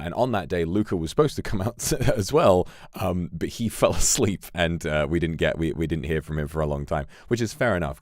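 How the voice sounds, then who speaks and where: Very deep-voiced man chatting on stream. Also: darkish tone, no echo, studio quality. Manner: rambling and reflective, casual swearing. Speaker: streamer and filmmaker. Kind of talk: casual livestream commentary.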